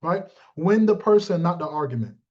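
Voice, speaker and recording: A man giving a motivational talk to his team, animated and streetwise, calling out listeners by name. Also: on the high side, moderate pace, highs cut off. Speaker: team leader.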